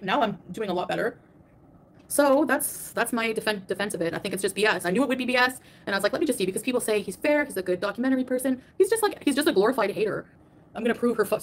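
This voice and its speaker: Rapid-fire defensive woman streamer. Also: medium pitch. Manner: defensive and emphatic, repeats herself. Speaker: streamer answering critics. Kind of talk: livestream rant.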